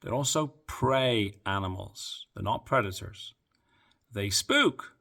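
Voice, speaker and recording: A man's voice: on the low side, expressive, slow pace, creaky, bright, forceful tone. A man giving opinionated, sarcastic boxing commentary in a casual solo monologue, with frequent ums and restarts. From Canada.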